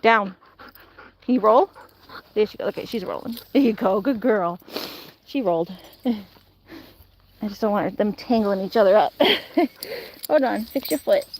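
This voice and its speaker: A woman's voice: medium pitch, lively intonation, a little slow, pauses often, a little mellow, slight background noise. A woman vlogging outdoors near woods, playfully giving commands to dogs. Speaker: vlogger, dogsitter. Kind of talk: casual vlog talk to dogs.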